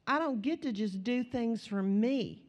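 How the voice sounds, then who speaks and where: A woman's voice: on the high side, animated, unhurried, a little mellow. A middle-aged woman preaching a sermon, telling a story and acting out the conversation, then teaching in an earnest, conversational way.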